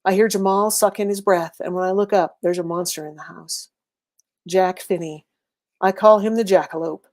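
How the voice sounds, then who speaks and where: A woman reading a first-person serialized story aloud in a steady, wry, conversational way. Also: on the low side, normal speed. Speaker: reader.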